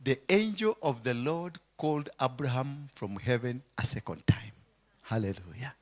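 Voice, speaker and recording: A man with a Kenyan accent preaching a sermon, acting out the voices in his story and swinging from hushed words to shouts. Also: medium pitch, big pitch swings, moderate pace. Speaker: pastor.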